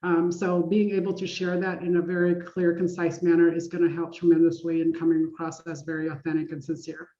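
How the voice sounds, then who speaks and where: A panelist giving advice on a webinar, speaking in a clear, measured way. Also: female voice, fairly low pitch, completely flat delivery, warm tone. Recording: roomy, dull lo-fi audio.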